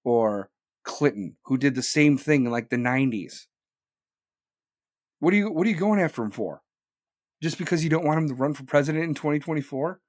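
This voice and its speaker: A man hosts a live podcast in a heated, profane rant, firing one rhetorical question after another. His pitch leaps up and down with real animation. The sound is close and dry. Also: animated, fairly quick, pauses often, no room sound. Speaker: podcast host.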